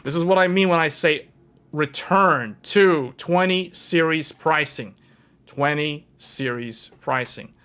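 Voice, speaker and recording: A man with a fairly high voice hosts a casual livestream about PC hardware. He talks to his viewers directly in an animated, emphatic way, hammering his points home with repetition. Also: takes it slowly, smooth. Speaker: tech livestream host.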